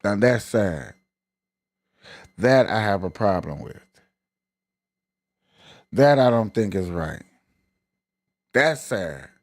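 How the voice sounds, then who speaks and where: A man's voice: fairly low pitch, expressive, takes it slowly, pauses often, no room sound. A man hosting a live stream, ranting in emphatic, colloquial casual commentary.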